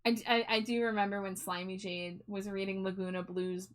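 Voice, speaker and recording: A woman's voice: medium pitch, little pitch movement, brisk. Chatty self-deprecating woman streamer. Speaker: streamer host. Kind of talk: casual chat.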